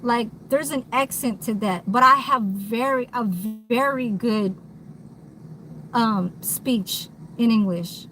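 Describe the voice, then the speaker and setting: Bright-voiced blunt woman vlogging. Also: a little high, takes it slowly, slight background noise, low-quality recording. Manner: rambling, blunt, swears freely. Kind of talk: candid unscripted monologue.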